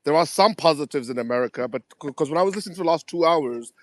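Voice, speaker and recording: A man's voice: fairly high pitch, animated, racing, dry recording. A man calling into a radio show who argues provocatively and talks over the host. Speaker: caller. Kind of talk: call-in radio talk.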